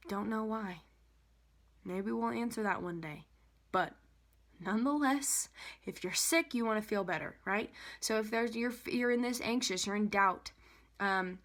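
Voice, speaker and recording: Rambling woman life coach explaining casually. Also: a bit bright. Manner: rambling, with many fillers and restarts; acts out an anxious inner voice, rising in pitch.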